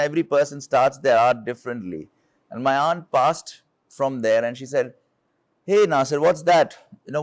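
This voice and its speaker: A man's voice: medium pitch, no echo. Man, earnest motivational speaker, mid-range voice, dry recording. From India. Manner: earnest storytelling with rhetorical questions. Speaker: executive and leadership speaker. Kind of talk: motivational talk with personal story.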